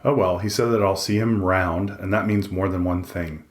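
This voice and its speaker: A man's voice: sits low, fairly even intonation, moderate pace. A man reading a first-person audiobook in a dry, introspective way. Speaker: audiobook narrator. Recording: echoey room.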